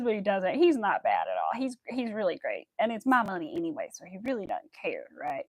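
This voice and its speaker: A young adult woman hosts a crochet livestream, chatting briskly with hardly any pauses and huge swings around her mid-range pitch. She rambles with lots of filler words, laughs often, and greets her viewers. The recording is dry.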